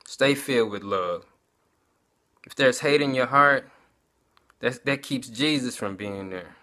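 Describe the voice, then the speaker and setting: A man's voice: mid-range voice, slow, sharp tone. A man giving a casual personal testimony, talking conversationally and often addressing his listeners as y'all.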